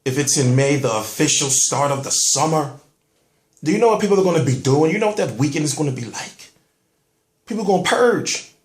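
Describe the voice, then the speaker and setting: A man's voice: on the high side, lively intonation, brisk, reverberant. Rambling man hosting a boxing vlog. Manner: rambling, rhetorical questions, profane street talk. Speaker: boxing show host. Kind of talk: casual boxing commentary vlog.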